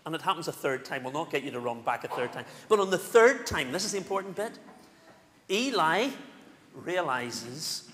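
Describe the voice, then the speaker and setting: A male minister with a Northern Irish accent, giving an animated, playful children's talk in a church service. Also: on the high side, moderate pace. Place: church sanctuary. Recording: echoey church with faint room noise.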